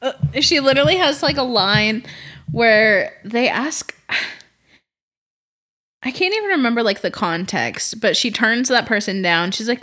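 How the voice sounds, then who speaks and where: A woman's voice: a little high, expressive, a little slow, long pauses, sharp tone. A woman in casual podcast chat, talking about a film in a playful way and quoting its scenes. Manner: playful, laughs often, quotes scenes. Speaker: podcast co-host.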